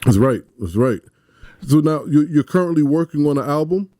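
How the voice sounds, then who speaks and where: A radio host speaks in a mellow, very dark voice, close and dry in the studio. He is eager and stammers through his questions, laughing easily. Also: a little high, expressive, normal speed, dry recording. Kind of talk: radio interview conversation.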